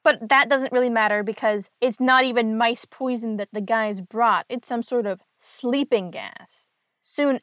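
A woman hosting a podcast, retelling a comic book plot in a loose, conversational way and slipping in wry jokes along the way. Her voice sits a little on the high side. The sound is dry and close, with no room echo. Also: fairly bright tone. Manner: wry, chatty asides and jokes. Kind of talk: casual comic recap narration.

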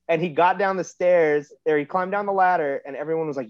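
Dude swapping old stories, kinda high voice, dull dry sound, super laid-back. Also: male voice, fast talker, few pauses, no room sound. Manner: relaxed, laid-back storytelling with lots of fillers. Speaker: podcast guest, pro wrestler. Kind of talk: casual storytelling chat.

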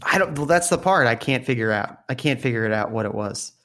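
A man's voice: mid-range voice, lively intonation, quick pace, sharp tone. A man co-hosting a casual podcast in a laid-back way, dropping dry quips. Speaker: podcast co-host. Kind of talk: casual chat.

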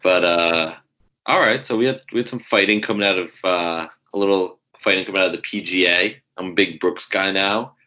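A man's voice: low-pitched, fairly quick, pushed and bright. A man, co-hosting a casual sports podcast and telling rambling stories with fillers and swearing. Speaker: podcast co-host. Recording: dull lo-fi sound.

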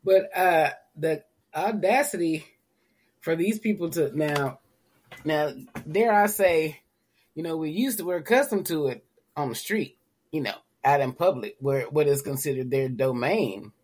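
His slightly high voice has a breathy edge and a measured pace. He's a laid-back Tennessee podcast co-host who rambles through casual conversation, saying "you know" again and again.

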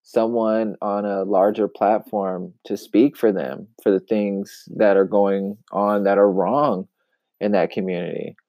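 Slow, low-voiced man commenting wryly. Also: level tone, mellow, no room sound. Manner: emphatic, wry, drawn-out pauses. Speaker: commentary vlogger. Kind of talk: casual commentary. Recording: dull, dry lo-fi recording.

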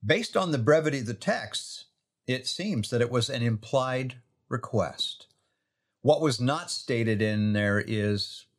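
A man telling a devotional scripture story in an earnest way, reading the quoted verses slowly and softly. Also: mid-range voice, expressive.

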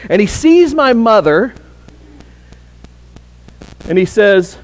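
Male pastor, sermon, high voice, earnest, halting repeats. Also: sing-song.

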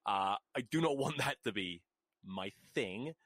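A man's voice: on the low side, a little slow, no echo. Male podcast host, swears constantly, voice leaps up and down, dry close mic. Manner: profane, animated storytelling. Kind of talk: solo podcast rant.

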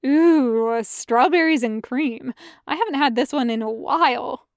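A woman's voice: high-pitched, expressive, a little slow, no echo, clean studio sound. A woman voicing a cocky young man who vlogs candy reviews, wry and swearing casually. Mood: cheeky.

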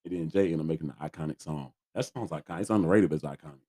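A man's voice: very deep voice, very fast, mellow. A congested man co-hosting a casual album review chat, talking in laid-back slang and trailing off. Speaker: podcast co-host.

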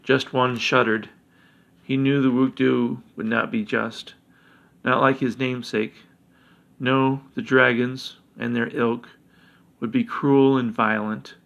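A man's voice: medium pitch, little pitch movement, takes it slowly, creaky, muffled recording. Man reading a fantasy story.

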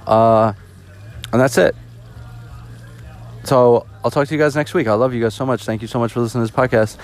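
A man's voice: medium pitch, steady tone, brisk. A young man from the US East Coast, hosting a casual solo podcast, rambling and joking with lots of restarts. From East Coast of the United States. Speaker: podcast host.

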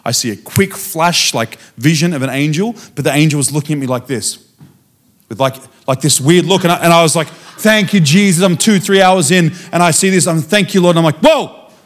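A man preaching as a guest speaker, telling a personal testimony in a lively storytelling way and acting out the dialogue. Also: fairly high pitch, brisk. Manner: animated storytelling, acting out dialogue with frequent restarts.

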